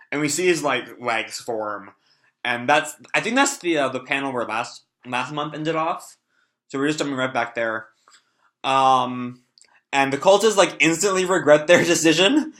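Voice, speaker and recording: A man rambles through a casual reaction to a comic chapter, filling his talk with fillers and offhand swearing. His voice is bright and forceful and sits at a middle pitch. A stuffy nose makes him cough now and then. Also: animated, moderate pace. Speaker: channel host reacting to a manga chapter.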